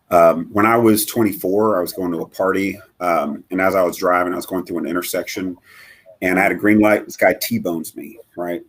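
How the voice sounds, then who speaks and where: Man, middle-aged, low voice, husky, halting, earnest, live interview guest. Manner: halting and earnest, with many fillers and restarts. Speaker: guest, bereaved father. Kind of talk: telling a personal story in a live interview.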